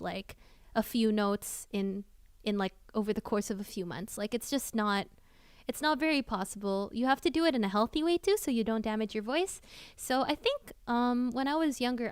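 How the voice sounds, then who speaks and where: A woman's voice: a little high, clear, resonant tone, no room sound, clean studio sound. A woman VTuber streamer giving casual singing tips to her chat, loose and full of fillers. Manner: chatty, loose, many fillers and restarts. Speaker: VTuber streamer and cover singer.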